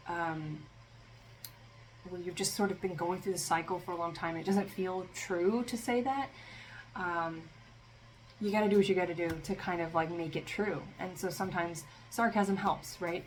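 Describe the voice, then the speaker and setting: A woman with a lowish voice talks through a tarot reading in a relaxed, meandering way, leaning on fillers as she goes. Her tone carries a dry, sarcastic edge, and a faint hum of ambient noise sits behind her. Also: poor audio. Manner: rambling, loose, with many fillers. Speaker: tarot reader. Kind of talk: casual spiritual tarot reading.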